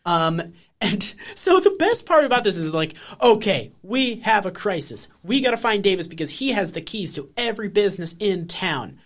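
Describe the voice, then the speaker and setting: A man's voice: sits high, sing-song, normal speed, fairly bright tone. A male podcast co-host rambles through a comic episode recap, stringing thoughts together with filler words. He swears freely and talks in a loose, casual way.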